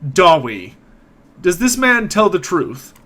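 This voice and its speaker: A man's voice: sits high, very animated, slow, sharp tone, voice pushed up, exaggerated voice. A man voicing a towering, stern interrogator who questions sharply.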